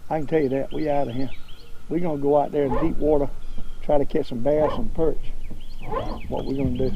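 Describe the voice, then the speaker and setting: An older man with a Southern accent, hosting a fishing show outdoors on a lake, talking in a folksy, drawling way and getting excited over each catch. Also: fairly high pitch, dull audio, a little hiss or hum. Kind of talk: casual fishing commentary.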